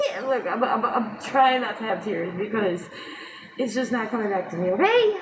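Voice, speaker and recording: High-voiced woman. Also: very animated, moderate pace, echoey room, noisy background. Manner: rambling, swears freely, laughs through tears. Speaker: vlogger. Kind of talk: emotional personal storytelling.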